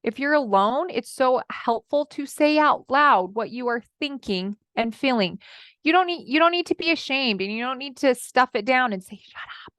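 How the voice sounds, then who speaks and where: With a high voice and lively intonation, a thirtysomething marriage coach chats motivationally at normal speed, speaking straight to listeners as friends and playing out her clients' lines. Her tone is fairly bright. The recording is studio quality with no echo.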